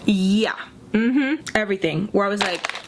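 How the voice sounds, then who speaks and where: A woman's voice: mid-range voice, animated, background noise. A young woman vlogger casually telling a personal story, filling her talk with "like" and acting out what people said. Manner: chatty, heavy use of "like", acts out quotes in quick bursts.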